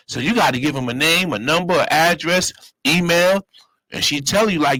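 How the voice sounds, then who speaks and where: Man, storyteller, animated and profane, plays everyone in his tale, dry close mic. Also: on the high side, fairly quick, no echo, poor audio. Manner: animated, acts out other people's voices, profane slang. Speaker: storyteller host. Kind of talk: casual storytelling.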